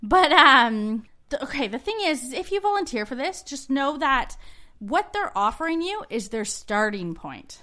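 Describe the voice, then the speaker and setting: A woman's voice: sits high, sing-song, normal speed, pushed and bright. A woman co-host in casual chat, telling travel stories and tips in a chatty way. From not from Australia, living there three years. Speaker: podcast co-host.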